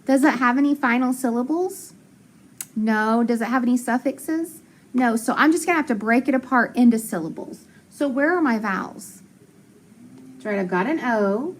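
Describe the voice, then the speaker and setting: A woman's voice: on the high side, a little hiss or hum. A woman teaching a phonics lesson, patiently sounding out letters and syllables and answering her own questions. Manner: asks questions and answers them herself.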